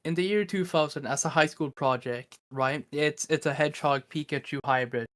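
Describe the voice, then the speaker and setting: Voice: medium pitch, normal speed, fairly bright tone, dry recording. Swedish-accented guest rambling through lore. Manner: rambling, laughs, swears casually. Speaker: streamer guest. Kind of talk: casual livestream chat, telling lore. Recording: microphone cutting in and out.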